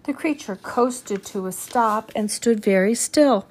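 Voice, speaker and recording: A woman reading a children's chapter book aloud in a steady storytelling manner. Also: on the high side, measured pace. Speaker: reader.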